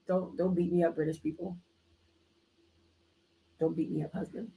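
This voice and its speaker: Female livestream host, casual book-chat delivery, lively slangy storytelling with teasing side comments. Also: lowish voice, brisk, vocal fry, pauses often, breathy edge. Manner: animated, slangy retelling with playful asides.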